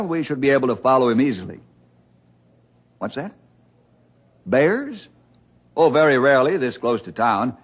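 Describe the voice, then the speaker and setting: An actor playing a calm, friendly male forest ranger who speaks in a steady, reassuring way, in 1950s radio drama style. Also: medium pitch, slightly rough. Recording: dull lo-fi old radio recording.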